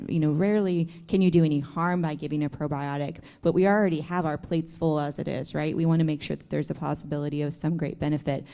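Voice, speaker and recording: A woman's voice: low voice, dark tone. A woman on a conference panel, giving earnest and practical advice to families.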